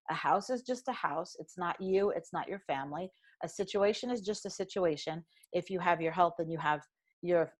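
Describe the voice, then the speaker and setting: Middle-aged New woman, lower voice, animated storyteller, guest on a talk show. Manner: animated storyteller acting out quoted dialogue. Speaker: financial professional guest. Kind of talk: candid conversational storytelling.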